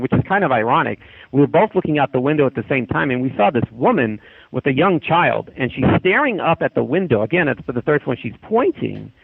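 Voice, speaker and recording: A man on a podcast telling a story in a casual, animated way, with frequent restarts, over a phone line. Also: mid-range voice, gravelly, breathy edge, no echo. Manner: animated, acts out quoted voices, frequent restarts. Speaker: podcast guest. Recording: tinny dry phone line.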